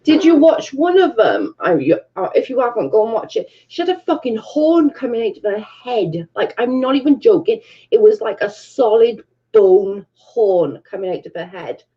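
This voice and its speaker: A British livestream host speaks at normal speed in a fairly high, animated voice, with dull audio. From her bedroom she chats casually, reads viewers' comments aloud, and swears freely.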